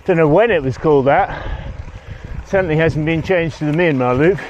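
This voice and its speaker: A man's voice: fairly high pitch, normal speed, a little mellow, muffled recording. A man hosting a travel and cycling vlog, talking casually to camera outdoors in the countryside, chatty with wry jokey asides, sometimes while riding a bike. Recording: noisy outdoor recording. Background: outdoor background noise.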